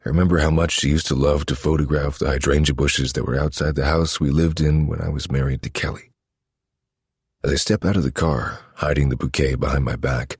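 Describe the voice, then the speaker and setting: Super deep husky guy reading a romance story, close dry mic. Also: darkish tone, no echo. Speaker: audiobook narrator. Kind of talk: first-person romance narration.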